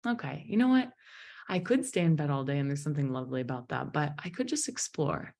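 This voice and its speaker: A woman giving a motivational talk to a group at an evening presentation, telling a personal story in an emotive, animated way. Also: sits low, quick pace, gravelly. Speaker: motivational speaker and business founder.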